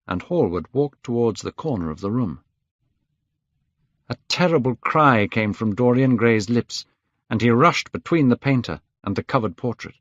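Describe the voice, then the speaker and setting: A man narrates a simplified story for English learners, clear and measured, with a lively, wide-ranging pitch. The recording is dull and dry, without room sound. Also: no room sound. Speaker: story reader.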